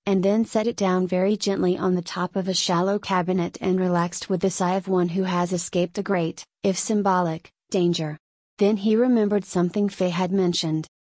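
A woman's voice: lowish voice, darkish tone, no room sound. Woman narrating a story, dry and close. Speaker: audiobook narrator. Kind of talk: scripted narration.

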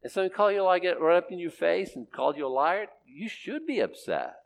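An older man preaching a sermon, swinging between loud emphatic lines and quiet asides. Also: high voice, animated, quick pace, gravelly.

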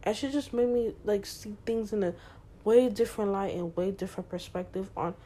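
A woman's voice: mid-range voice, fairly even intonation, fairly quick, mellow. Slangy chatty teenage girl. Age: teens. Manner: slangy, candid, chatty with many fillers. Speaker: podcast host. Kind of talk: casual solo podcast chat.

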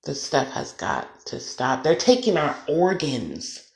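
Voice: medium pitch, very animated, measured pace. A podcast host venting alone on an episode, talking emphatically, repeating points and swearing. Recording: roomy echo.

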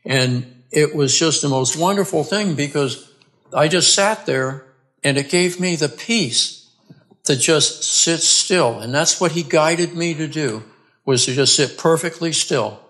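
A man, a podcast guest, earnestly telling his own story in a halting way, restarting and repeating words. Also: a little high, lively intonation, fairly bright tone. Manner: earnest and plain-spoken. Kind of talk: conversational storytelling.

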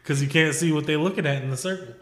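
A man co-hosting a podcast in casual comedic chat, telling bits in a low-key, dry, deadpan way. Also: rapid-fire, slight background noise. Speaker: podcast co-host. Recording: roomy echo.

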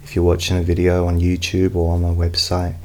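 A man who hosts hypnosis recordings, chatting in a slow, meandering way with many fillers. He is speaking at home into a studio microphone behind a pop filter. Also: low voice, monotone, a little mellow. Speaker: hypnotist host. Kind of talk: casual personal update. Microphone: studio mic with pop filter, not close.

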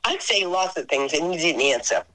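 Older woman guest, low-pitched, animated anecdote teller who laughs often, on a radio-style recording. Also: fairly quick, rough recording. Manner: animated, laughing often, voices her friend's lines. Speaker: podcast guest, singer. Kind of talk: casual storytelling interview.

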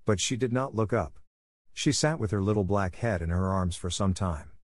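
A man narrating a classic novel as an audiobook in a steady, even telling. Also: fairly low pitch, normal speed, no echo, clean studio sound.

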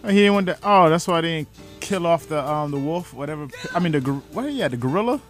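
A man co-hosting a morning radio show, chiming in with quick reactions and jokes. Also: fairly high pitch, animated, faint music behind. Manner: quick reactions, laughing asides. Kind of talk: casual radio banter.

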